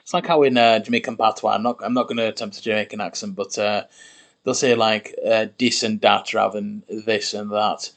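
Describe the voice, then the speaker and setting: A man's voice: fairly low pitch, steady tone, fairly quick. A man streaming himself building a made-up language, thinking aloud while typing, muttering and repeating words to try them out. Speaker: conlang streamer.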